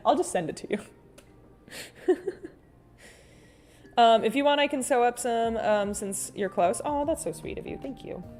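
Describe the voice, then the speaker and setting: A woman's voice: fairly high pitch, a little slow, long pauses, faint music behind. A woman hosting an art livestream in a casual, rambling chat, reading out viewer comments as she draws. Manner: chatty and rambling, with frequent restarts and sudden soft hums. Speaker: artist livestream host.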